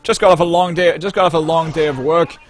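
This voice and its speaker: A man voicing a group of loud, rowdy male tavern drunks who shout boisterously. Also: a little high, fairly even intonation, fast talker, pitched above the performer's own voice, lightly acted.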